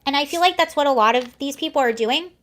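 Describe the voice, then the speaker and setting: A woman's voice: sits high, fast talker, a bit bright. A young woman hosting a casual livestream, talking in a chatty, rambling way and often correcting herself mid-sentence. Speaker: livestream host.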